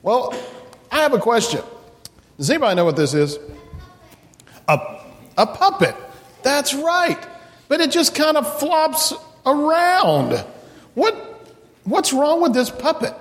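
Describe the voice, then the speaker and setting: Animated man leading a children's sermon. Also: extremely high pitch, a little slow, pauses often, in a large hall. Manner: animated, playful questions to children. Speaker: children's message leader at church. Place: church sanctuary.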